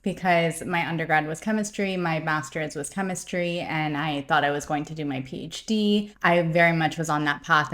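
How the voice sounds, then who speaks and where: A woman's voice: low voice, fairly bright tone. A woman hosting a podcast, listening supportively and sharing a short story of her own. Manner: supportive listener, brief backchannels. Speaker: podcast host. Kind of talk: casual interview.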